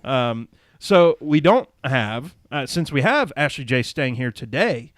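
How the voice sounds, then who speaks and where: A man's voice: medium pitch, lively intonation, measured pace, no echo, clean studio sound. A man who hosts a podcast, telling a rambling, folksy story and laughing often. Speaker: podcast host.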